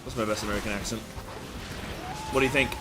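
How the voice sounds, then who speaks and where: A man chatting casually on a live stream while gaming, quiet and distracted, repeating himself. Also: lowish voice, steady tone, fast. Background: game music.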